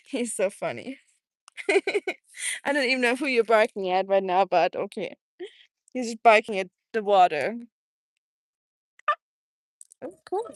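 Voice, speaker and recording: A woman's voice: fairly high pitch, big pitch swings, takes it slowly, long pauses, no echo. Chatty German woman with a dry, close sound. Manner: chatty, laughs often, coos to her dog. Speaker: livestreaming vlogger. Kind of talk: casual live-stream chat. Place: outdoors by water on a sunny walk.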